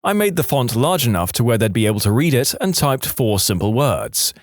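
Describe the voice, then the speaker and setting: A man's voice: mid-range voice, big pitch swings, a little fast, no echo. A man narrating online stories aloud with a dry, wry delivery on a close microphone. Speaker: story narrator.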